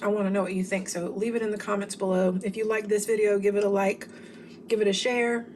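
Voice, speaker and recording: A woman talks straight to her viewers in a casual home cooking vlog, gushing about the dish as she eats it. Her voice sits at an ordinary middle pitch, and her speech is loose and friendly, full of "y'all". A faint noise runs underneath. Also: flat delivery, quick pace, a little mellow. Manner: chatty, enthusiastic, says y'all. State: talking while eating.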